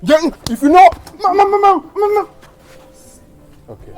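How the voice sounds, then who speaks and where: A man's voice: a little high, big pitch swings, moderate pace, faint music behind. A Nigerian man playing a young fiancé who has been dumped, talking emotionally and stammering in a film drama. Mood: angry. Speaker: jilted fiancé.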